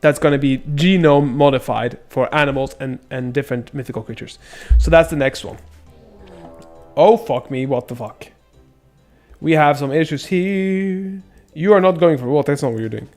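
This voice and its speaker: A man streaming a game live, chatting casually with viewers, excitable and swearing often. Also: mid-range voice, brisk, faint music behind.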